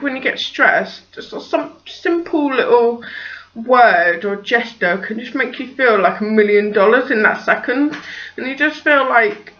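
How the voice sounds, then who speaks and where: A woman's voice: sits high, bright, forceful tone, muffled recording. A young woman chatting casually about parenting in her vlog, rambling and full of "like" and "just". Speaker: parenting vlogger.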